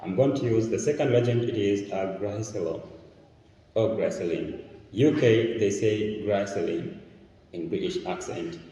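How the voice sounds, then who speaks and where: A man with a Tanzanian accent teaches a chemistry class, explaining each step as he works. His voice is low and mellow. It is recorded from a distance in a room with heavy echo and a long reverb tail. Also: normal speed, slight background noise. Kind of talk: classroom demonstration lesson. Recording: echoey room, mic far off.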